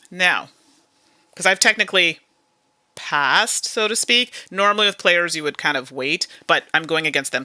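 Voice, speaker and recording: A woman talks her way through a solo board game in a loose, chatty manner, quick to grumble and laugh at herself. Her voice is very bright and her pitch swings widely. The sound is dry and close, with no room around it. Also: no echo. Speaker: board game channel host. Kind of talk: casual solo board game playthrough commentary.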